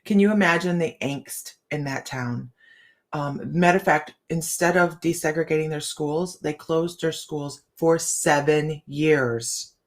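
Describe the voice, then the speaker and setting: Her voice sits low and moves at a measured pace as this psychic livestream host runs a relaxed morning chat. She talks to viewers, laughs often, and stumbles and restarts her sentences again and again.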